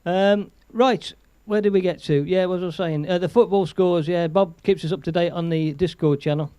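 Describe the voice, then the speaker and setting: A man chats loosely on his live stream, laughing often and reading viewer messages aloud. His voice sits high for a man. The sound is dry and close, with no room around it. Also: moderate pace, warm tone, clear, resonant tone, no echo. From England. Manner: chatty, rambling, laughs often, reads viewer comments aloud. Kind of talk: casual live-stream chat.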